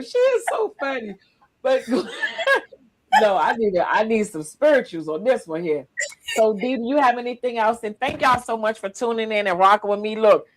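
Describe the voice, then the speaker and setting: A woman hosting a casual livestream podcast, lively and emotional, teary-eyed as she talks. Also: medium pitch, slight background noise. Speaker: podcast host.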